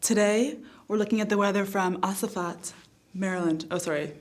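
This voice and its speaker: A woman's voice: mid-range voice, brisk, close to an everyday voice. A woman playing a flustered, unprepared spoof TV weather reporter who stumbles through her lines.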